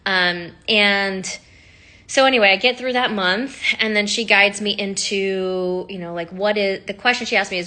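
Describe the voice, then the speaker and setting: A woman sharing her personal story in a candid, animated way, full of fillers and asides. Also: medium pitch, moderate pace. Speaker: sound healer telling her story.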